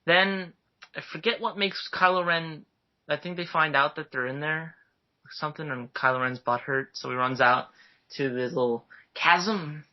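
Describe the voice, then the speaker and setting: A young man chatting casually while reviewing a movie, excitable and often acting out scenes. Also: on the high side, moderate pace. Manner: excitable, acts out movie lines. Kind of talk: casual chat. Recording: dull lo-fi recording.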